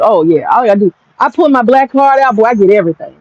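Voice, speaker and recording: A woman's voice: a little high, lively intonation, fast, no echo, highs cut off. A woman who runs an event rental business, telling candid stories in a blunt, profane, boastful way. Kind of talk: candid casual storytelling.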